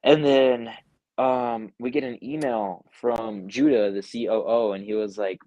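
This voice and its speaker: A young music producer, interviewed live online from home through a video call, animatedly recounts a story, acting out others' lines with lots of "like." He speaks at a measured pace in a medium-pitched voice, on a dry recording with the highs cut off.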